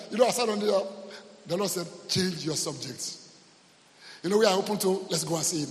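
A man with a high-pitched voice preaches to his congregation, animated and theatrical, often checking that the listeners are with him. His voice rings out with a long reverb, as if he were recorded in a large church hall. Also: fairly quick. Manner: animated, acts out quotes and calls to the congregation. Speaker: pastor. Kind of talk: sermon.

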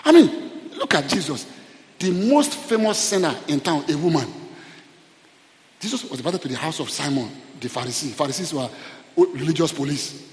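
A man preaches to his congregation, pleading and urging them on. His voice sits high and swings widely in pitch. He is recorded in a roomy church hall with a long, ringing echo. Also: expressive, normal speed, pauses often. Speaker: pastor. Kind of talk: sermon. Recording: echoey hall reverb.

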